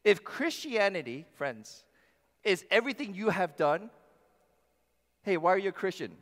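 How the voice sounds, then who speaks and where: A male pastor preaching a sermon in a church, emphatic, swinging between loud passages and soft ones. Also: high-pitched, big pitch swings, unhurried, pauses often. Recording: long reverb of a large hall.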